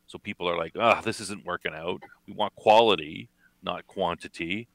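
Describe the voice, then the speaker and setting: A Canadian man with a very low but bright, forceful voice, chatting loosely with lots of fillers. He jokes around with his co-host, and the sound is dry and close. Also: normal speed, gravelly, no echo. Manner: joking, rambling with fillers. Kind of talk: casual podcast chat.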